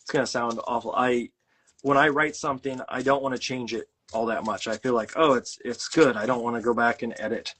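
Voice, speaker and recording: A man's voice: medium pitch, steady tone, brisk, fairly bright tone, husky. A middle-aged man hosting a casual chat while making art, talking in a rambling, self-deprecating way with lots of fillers and restarts. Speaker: host.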